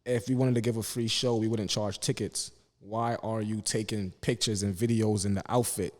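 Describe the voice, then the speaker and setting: A man's voice: fairly low pitch, fairly even intonation, normal speed, few pauses, long reverb tail. A young man, a fashion designer guest, speaking in a laid-back, earnest way in street slang. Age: young adult. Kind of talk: casual interview chat.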